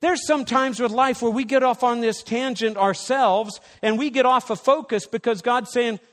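A man's voice: extremely high pitch, steady tone, normal speed, big-room sound. A man preaching a sermon as a pastor, emphatic and firing rhetorical questions at the congregation.

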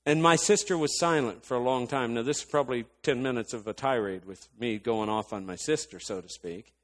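Impassioned preacher ringing through a hall. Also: male voice, mid-range voice, fairly quick. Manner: animated, building to impassioned rants. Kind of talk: sermon storytelling.

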